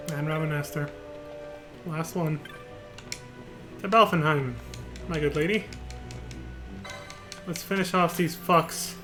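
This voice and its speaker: A man streaming a video game live, chatting casually and cursing often. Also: a little high. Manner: casual, profane, laughs often.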